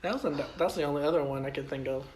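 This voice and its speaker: A man co-hosting a podcast, telling stories in a casual chat, animated, laughing often and swearing freely. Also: fairly high pitch, rapid-fire, crowd noise. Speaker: podcast co-host.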